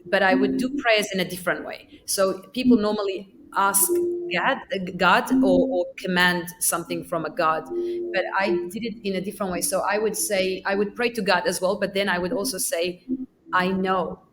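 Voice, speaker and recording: A woman from Iraqi Kurdistan whose first language is Kurdish, a podcast guest telling personal stories in a lively way, often repeating words as she restarts. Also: medium pitch, normal speed, noisy background. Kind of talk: personal storytelling.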